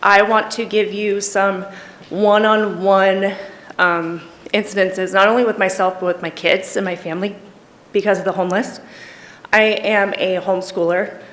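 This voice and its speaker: A woman speaking into a podium microphone in a council chamber, earnest and a little nervous. Her voice of middling pitch carries a clear emotional strain. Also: flat delivery, normal speed, fairly bright tone. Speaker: public commenter. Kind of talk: public comment at council meeting.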